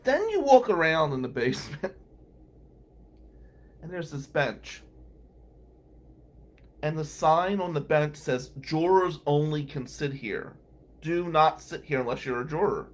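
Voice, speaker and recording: Lively storytelling man. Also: a little high, slow, pauses often. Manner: animated anecdotal storyteller, acts out quotes. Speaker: lawyer and show regular. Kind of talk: storytelling on a radio talk show.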